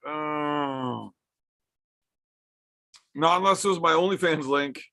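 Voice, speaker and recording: A man's voice: on the high side, slow pace, bright, forceful tone. A man hosting a casual livestream from home, bantering with chat in a joking, profane way. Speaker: livestream host.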